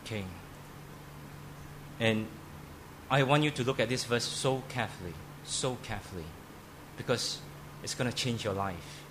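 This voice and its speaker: A man's voice: mid-range voice, normal speed, long pauses, background noise. Emphatic pastor man preaching. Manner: emphatic, repeats words, stammering restarts. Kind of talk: sermon. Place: church.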